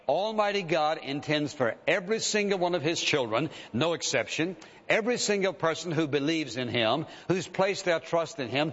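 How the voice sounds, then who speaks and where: A man preaching a sermon, earnest and emphatic, slowing down to quote scripture. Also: fairly high pitch, fairly bright tone. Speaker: pastor. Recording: dull, long-reverb hall sound.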